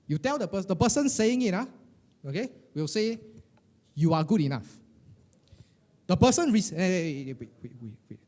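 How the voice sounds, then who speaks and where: A middle-aged man, coaching a live group of financial advisors in a lively, colloquial way, firing questions at the room. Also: high voice, moderate pace, pauses often. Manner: animated, questioning the audience, colloquial with "lah" and "eh". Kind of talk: motivational workshop talk to a live group.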